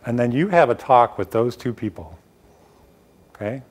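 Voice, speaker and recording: A man's voice: mid-range voice, expressive, normal speed. A middle-aged man giving a live workshop talk on presenting science to a small room, direct and emphatic with casual asides. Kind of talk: live lecture to a small audience.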